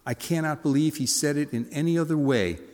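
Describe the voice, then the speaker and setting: A man's voice: fairly high pitch, fairly quick, a little mellow, big-room sound. A man preaching a sermon, asking his listeners questions and acting out the voices of the people in the story. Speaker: pastor.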